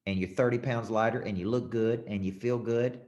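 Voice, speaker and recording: A man's voice: fairly low pitch, steady tone, brisk, darkish tone, highs cut off. A man coaching a live audience on sales closes, folksy and emphatic, acting out scripted lines with shifting tone.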